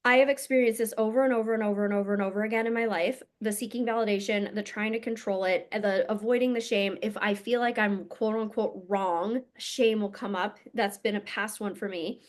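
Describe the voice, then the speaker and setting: A woman's voice: medium pitch, steady tone, brisk, few pauses. A woman healer and coach giving a casual teaching monologue, blunt and emphatic, swearing freely.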